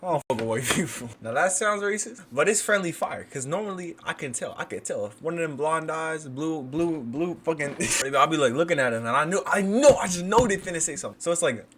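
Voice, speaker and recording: A man's voice: fairly high pitch, lively intonation, fairly quick, hardly any pauses, a bit bright, slight background noise. A man streaming a reaction to a video, casually joking, mocking and laughing at what he watches. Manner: joking, mocking, often laughing and trash-talking.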